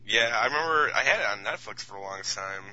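A man's voice: fairly low pitch, animated, quick pace, bright, forceful tone, lo-fi sound. A man co-hosting a casual podcast chat, talking in an enthusiastic, slangy way. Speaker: podcast co-host.

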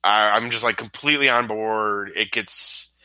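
A man's voice: lowish voice, moderate pace, bright, forceful tone, no room sound, poor audio. A man in a casual, swear-laden conversation about a film, full of fillers and restarts. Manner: loose, profane, filler-heavy. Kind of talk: casual movie discussion.

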